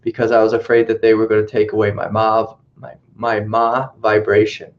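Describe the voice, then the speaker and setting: This is a chatty young woman with a breathless valley-girl manner, mimicked by a man. The voice stays fairly even and flat, close to the speaker's own. The audio is muffled and lo-fi, like a webcast. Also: lowish voice, normal speed, natural voice. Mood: gushing.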